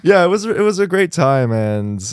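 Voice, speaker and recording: A man's voice: fairly high pitch, very animated, normal speed, clean tone, no echo, studio quality. A young man co-hosting a podcast in casual chat, laughing often and joking. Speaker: podcast co-host.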